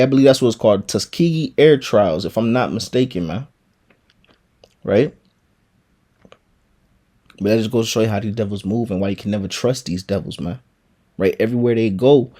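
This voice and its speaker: A man's voice: medium pitch, mellow. A man giving an informal scripture teaching, stammering and repeating words, tagging nearly every phrase with "man" or "right?". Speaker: preacher.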